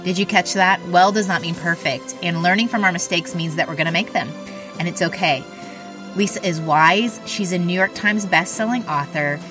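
A woman's voice: fairly low pitch, moderate pace, over music. Chatty woman podcast host. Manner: warm, chatty, encouraging. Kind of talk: casual podcast chat and read ad.

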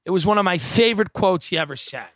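A man's voice: high voice, expressive, fast talker, fairly bright tone, no echo, studio quality. A man doing stand-up, telling a rambling story in a wry, profane way with many asides. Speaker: comedian.

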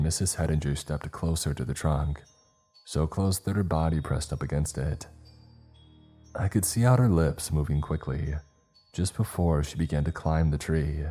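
A man reading a first-person horror story in a measured, low-key way. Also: warm tone, breathy edge.

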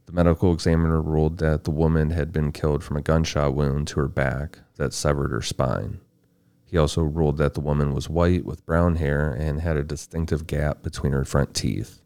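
A man narrates a true crime podcast in a measured, matter-of-fact way. His voice sits extremely low and has a gravelly fry. The sound is dry and close. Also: steady tone, darkish tone, no room sound. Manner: reads case details in a measured, matter-of-fact way. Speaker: podcast host.

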